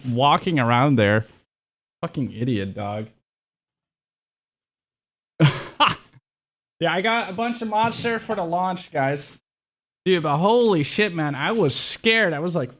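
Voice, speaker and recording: A man's voice: a little high, measured pace, pauses often. A young man chatting casually on a livestream, rambling and swearing freely. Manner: excitable, swears a lot, rambling.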